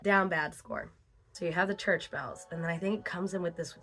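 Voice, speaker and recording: A woman's voice: lowish voice, a little fast, a bit bright, faint music behind. A woman hosting a casual album review, chatty and breaking into lyric snippets between her comments.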